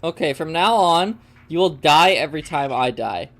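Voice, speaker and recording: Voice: mid-range voice, animated, normal speed, fairly bright tone, faint music behind. A young adult streamer in casual, joking banter with friends during a live game session, laughing often and swearing freely. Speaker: gaming streamer.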